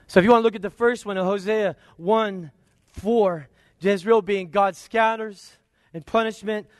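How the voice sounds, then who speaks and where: A man preaching a sermon, reading scripture aloud and explaining it, with emphatic swings in pitch and pace, often asking his listeners if they agree. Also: fairly even intonation, unhurried, dry recording, studio quality. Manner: expository Bible teaching, reads scripture aloud and asks listeners to agree.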